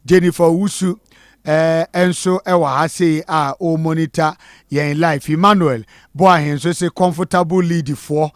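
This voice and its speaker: A man's voice: on the high side, fairly even intonation, a little slow, no echo, clean studio sound. A Ghanaian man hosting live election-night talk, reading out viewers' names and messages and mixing Twi with English. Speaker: host reading viewer comments. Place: studio.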